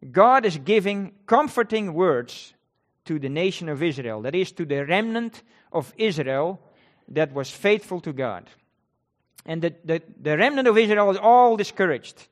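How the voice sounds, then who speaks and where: A man's voice: a little high, lively intonation, moderate pace. A man preaching a sermon, repeating key words and reading scripture with rising emphasis.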